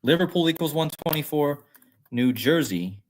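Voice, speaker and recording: A man's voice: a little high, animated, normal speed, slight background noise. A man hosting a casual livestream, rambling and musing aloud as he reads chat comments. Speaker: livestream host.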